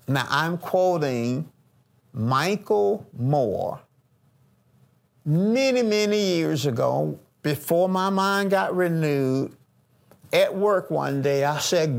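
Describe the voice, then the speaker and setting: A man's voice: high-pitched, expressive, unhurried, creaky. A middle-aged man preaching a sermon, repeating phrases for emphasis and changing his tone when he quotes others. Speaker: pastor.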